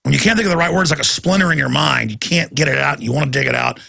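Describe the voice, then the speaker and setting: Brief: gravelly male talk radio host, forceful, intense and ranting, on a studio mic. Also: on the high side, racing. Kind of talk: impassioned talk radio monologue.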